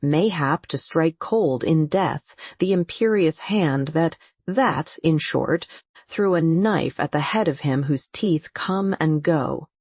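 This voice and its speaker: A woman's voice: sits low, slow pace, darkish tone, husky, no echo, exaggerated voice. A woman voicing a middle-aged male hunter who speaks to frightened strangers in a pompous, imperial tone. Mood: grandiose. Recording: dull, muffled audio.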